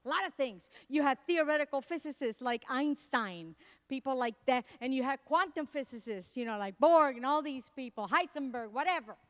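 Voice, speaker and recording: A middle-aged woman from Latin America giving a comedic keynote talk, telling animated stories and acting out the people she quotes. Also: high-pitched, normal speed. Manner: animated storytelling, acts out quotes. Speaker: keynote speaker.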